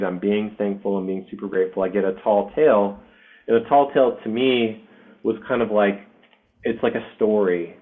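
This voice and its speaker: Man, 40s, low voice, candid emotional storyteller with swearing and fillers, heard over thin phone-like call audio. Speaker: spiritual group host. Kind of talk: casual personal storytelling. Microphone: online video session.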